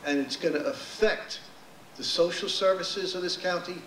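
Man, public commenter, higher voice, blunt emphatic, echoey, distant. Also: moderate pace, fairly bright tone, slight background noise. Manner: nervous start, blunt and emphatic. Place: legislature chamber. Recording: echoey chamber, speaker off-mic.

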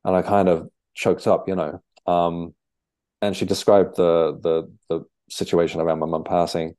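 A young man, a podcast guest, telling his story in a halting conversational way with many restarts. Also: deep voice, level tone, dark tone. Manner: halting, with frequent restarts and fillers.

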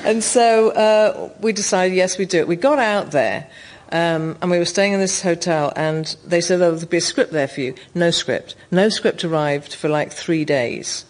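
A woman's voice: fairly low pitch, moderate pace, hardly any pauses. A woman guest chats on a radio interview, spinning anecdotes and laughing as she goes. Her talk is casual and conversational, recorded in a studio. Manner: chatty anecdotal storytelling, often laughing. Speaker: guest comedy writer and actress.

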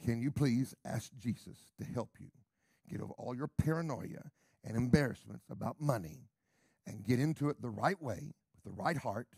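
A middle-aged man preaching a sermon with emphatic repeated questions, dropping to whispers and rising to loud calls. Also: mid-range voice, normal speed, vocal fry, husky, no room sound, studio quality.

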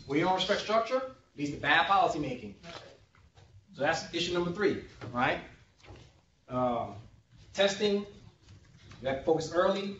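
A man with a fairly high, very lively voice delivers a joking, conversational lecture, checking in with the audience now and then. He sounds distant and dull, as if picked up from across an echoey room. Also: moderate pace, pauses often, slight background noise. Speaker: sociologist giving a presentation.

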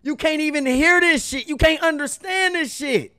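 A man's voice: very high voice, moderate pace, bright, forceful tone. A young man hosting a music reaction video, ranting casually in slang and swearing in exasperation. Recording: faint music behind the voice.

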